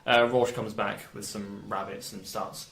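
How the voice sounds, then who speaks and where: A man's voice: on the low side, level tone, unhurried, fairly bright tone, echoey room, soft background music, poor audio. Rambling dungeon master man. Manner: rambling, filler-heavy, self-correcting. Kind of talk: narrating a tabletop game.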